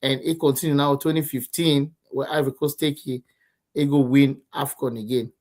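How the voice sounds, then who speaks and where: A man's voice: medium pitch, little pitch movement, moderate pace, a little mellow. Earnest Nigerian man, mid voice. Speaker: co-host. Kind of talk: casual football chat.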